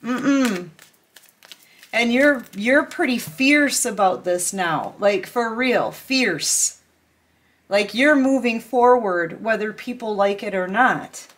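A woman's voice: a little high, slow. A woman giving a casual tarot reading to camera, chatty and emphatic, repeating herself and talking straight to the viewer. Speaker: tarot reader.

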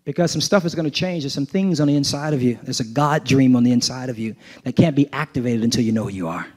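A man's voice: mid-range voice, quick pace, darkish tone. A male pastor preaching a sermon, emphatic and informal, with slangy asides and call-and-response checks on his listeners.

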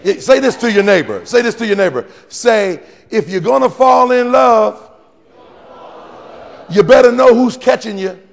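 A male pastor preaching to his congregation with call-and-response and playful teasing, swinging between sudden shouts and quiet asides. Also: very high-pitched, animated, normal speed, gravelly, long reverb tail. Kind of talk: sermon. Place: church sanctuary with congregation.

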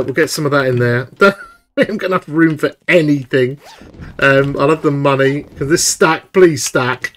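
A young man giving excitable, chatty live commentary while streaming a video game. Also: fairly high pitch.

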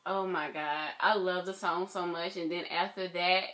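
A woman chatting casually in a reaction vlog, excitable and gushing, with frequent exclamations. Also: lowish voice, normal speed. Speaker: YouTuber reacting to music videos.

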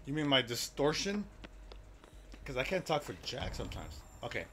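A man's voice: mid-range voice, sing-song, moderate pace, a bit bright, a little hiss or hum. A man streaming a video game, chatting loosely with his viewers and reacting to the game as he plays. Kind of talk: casual live-stream chat while gaming.

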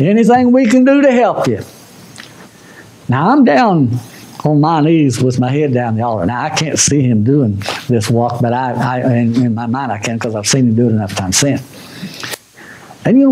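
A man preaching a sermon as pastor, moving between loud, high exhortation and low, quiet asides. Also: rough recording. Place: church sanctuary.

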